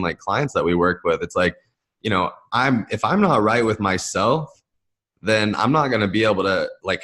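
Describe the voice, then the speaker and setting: Very deep-voiced rambling male host. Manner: relaxed, rambling, many fillers and restarts. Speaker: podcast host, nutrition coach. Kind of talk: casual interview chat.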